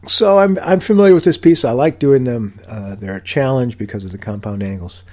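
An older man, a woodworker, telling a story in a casual, animated way with self-mocking dry humor. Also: mid-range voice, brisk. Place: podcast recording.

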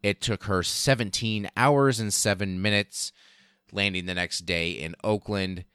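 A man hosting a podcast, telling history casually, swearing for emphasis and speeding up and slowing down. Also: fairly low pitch, steady tone, bright, forceful tone, smooth, no echo, studio quality. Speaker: podcast host.

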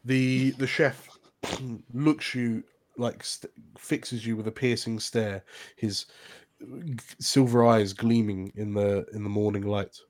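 A man narrates a tabletop game as game master. He speaks slowly, stumbling through fillers and restarts. His voice sits at an ordinary pitch. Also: steady tone, a little mellow. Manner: hesitant, full of fillers and restarts, chuckling.

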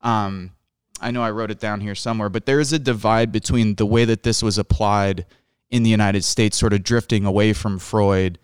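A man's voice: on the low side, steady tone, normal speed, clean tone, dry recording, studio quality. A man hosting an interview, talking casually and rambling a bit, with many "like" fillers. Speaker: host. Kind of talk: conversational interview.

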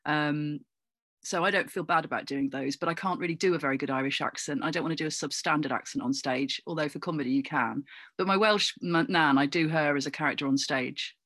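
A middle-aged woman from England, chatting as a guest in an interview, animated and full of asides and fillers. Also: sits low, fairly quick, no echo. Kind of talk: casual interview chat.

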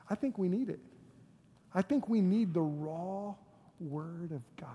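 A pastor preaching a sermon and giving an altar invitation, swinging from loud pleading to hushed, near-whispered lines. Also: medium pitch, breathy edge. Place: church sanctuary with live congregation. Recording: long hall reverb with faint music.

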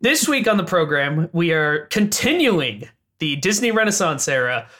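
A young man co-hosting a podcast with his mother, chatting casually with jokey asides. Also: fairly high pitch. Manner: jokey, animated, quick asides. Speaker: podcast co-host.

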